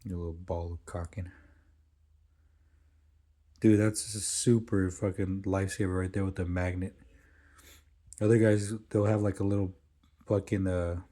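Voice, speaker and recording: A man's voice: low-pitched, mellow. A man narrating his caulking work in a laid-back, casual way, swearing often as he goes, recorded on smart glasses. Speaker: caulking tradesman.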